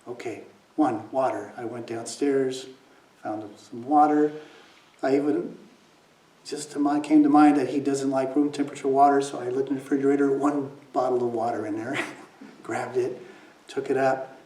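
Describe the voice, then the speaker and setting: A man's voice: mid-range voice, steady tone, normal speed, dark tone. A man giving a meditation talk, telling a personal story, acting out quoted voices and dropping to near whispers at times. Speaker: meditation teacher. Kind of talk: dharma talk. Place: meditation hall. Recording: echoey room, mic at a distance, faint noise.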